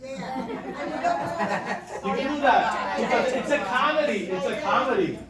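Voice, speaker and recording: A woman directs a choir rehearsal, patiently explaining parts and switching between English and Spanish. Her voice sits high and sounds animated, with a slow pace. She's recorded far from the mic in an echoey room with chatter behind her.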